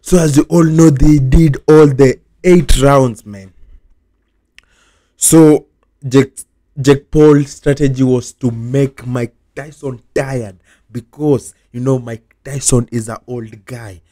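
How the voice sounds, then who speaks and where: A man's voice: medium pitch, fairly even intonation, slow pace, dark tone. A man vlogging a repetitive reaction rant, sounding exasperated and repeating the same phrases over and over. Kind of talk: repetitive ranting vlog reaction.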